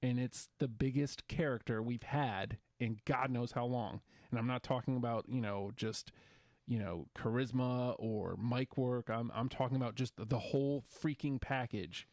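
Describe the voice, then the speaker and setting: A man's voice: medium pitch, moderate pace, darkish tone, no echo, studio quality. A man co-hosting a casual wrestling podcast, recapping matches and quoting wrestlers in voices. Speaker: podcast co-host.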